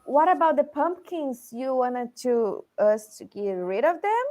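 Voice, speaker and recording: A woman's voice: high-pitched, animated, measured pace, darkish tone. A woman speaking as a player in a tabletop game, hesitant and prone to restarting her sentences.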